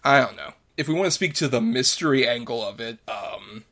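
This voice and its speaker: A man in an easygoing podcast chat who picks apart a film with dry, wry remarks and plenty of ums and likes. His voice sits in an ordinary middle pitch, and his talk is loose and conversational. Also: lively intonation, a little fast, pushed and bright. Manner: wry, dry criticism with frequent fillers. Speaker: podcast co-host. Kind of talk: casual movie review chat.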